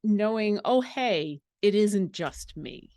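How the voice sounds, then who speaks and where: A woman chatting casually on a livestream while painting miniatures, playful and full of quick asides. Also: medium pitch, animated, a little mellow, no echo, clean studio sound. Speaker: mini painting teacher.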